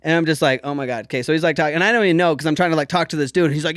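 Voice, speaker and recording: A young man hosting a podcast, telling high school stories in casual chat, animated and full of swearing, loudly acting out quotes. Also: racing, hardly any pauses, dry recording, clean studio sound. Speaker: podcast host.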